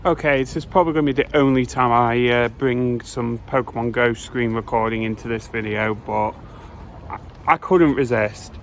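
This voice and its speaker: A man's voice: mid-range voice, fairly even intonation, normal speed. A man, chatting casually and hesitantly as a travel vlogger while walking through city streets. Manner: hesitant, rambling with many fillers. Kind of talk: casual vlog chat. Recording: faint street noise outdoors. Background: faint traffic and street ambience.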